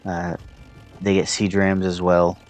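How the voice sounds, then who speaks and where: Male player, deep voice, narrates his own match loosely with ums, faint music underneath. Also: measured pace. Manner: relaxed, thinking aloud with fillers. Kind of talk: casual gameplay commentary.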